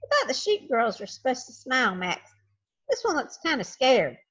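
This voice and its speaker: A woman's voice: sits high, wildly swooping pitch, normal speed, fairly bright tone, slightly rough, voice pushed up, full character voice. A woman playing a boastful male art thief. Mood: puzzled. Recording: dull lo-fi home recording.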